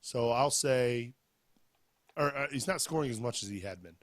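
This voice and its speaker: A man with a sore throat hosts a football podcast, moving between casual banter and upbeat plugs. His mid-pitched voice sounds dry and close, with no room around it. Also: expressive, moderate pace, dry recording. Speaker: podcast host. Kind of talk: casual sports chat.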